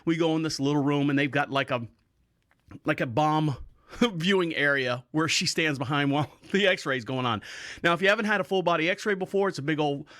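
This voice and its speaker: A man's voice: on the high side, fairly quick, a bit bright, no room sound, studio quality. A middle-aged man hosting a podcast, telling rambling stories in a casual, joking way and often breaking into laughter. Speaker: podcast host. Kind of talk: casual storytelling monologue.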